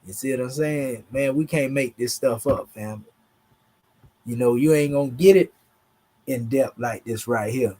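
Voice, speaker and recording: A man's voice: mid-range voice, measured pace, dark tone. A man with a Southern US drawl giving a casual, emphatic online lesson, talking through charts in a slangy, conversational way. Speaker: teacher.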